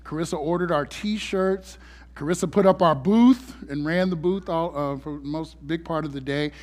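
A man's voice: a little high, moderate pace, darkish tone. A male pastor delivering a sermon in a conversational, humorous storytelling manner.

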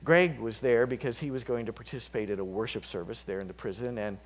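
A man preaching a sermon, casual and chatty, dropping to whispers and climbing to loud, fervent peaks. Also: mid-range voice, fast. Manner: conversational, with fillers and slips.

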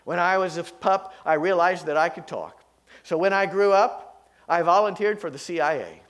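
A man's voice: high voice, normal speed, a bit bright, pitched above the performer's own voice. A man voicing a folksy, boastful talking dog who tells his life story in a chatty drawl.

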